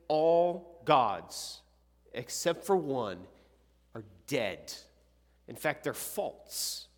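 A man teaching a youth Sunday school class in a conversational way, asking his students questions and often clearing his throat. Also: on the high side, a bit bright. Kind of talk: casual Bible class teaching. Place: church classroom. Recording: long reverb in a hall.

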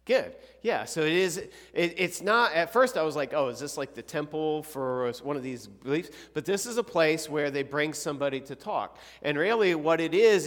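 A slightly higher-voiced man leads a youth Sunday school class in a relaxed, conversational way. He often clears his throat and puts questions to the students. His voice rings with the long reverb of a church hall. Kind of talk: casual Bible class teaching.

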